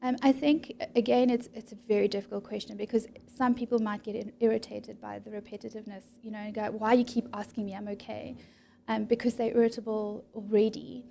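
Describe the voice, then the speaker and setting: Woman clinical psychologist, mellow and gravelly, steady explanatory interview guest. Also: on the high side, a little hiss or hum. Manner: calm, measured, explanatory. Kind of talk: professional interview.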